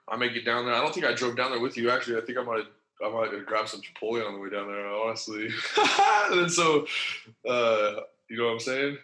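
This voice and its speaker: Profane man telling stories, bright tone. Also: on the low side. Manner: loose, profane, slangy storytelling. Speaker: podcast guest, former wrestler. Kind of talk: casual storytelling. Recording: echoey room.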